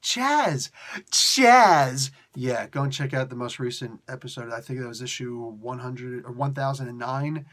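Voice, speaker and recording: A man's voice: medium pitch, flat delivery, brisk, hardly any pauses. A man giving a casual spoken comic book review, ranting and sarcastic, exasperated with the story.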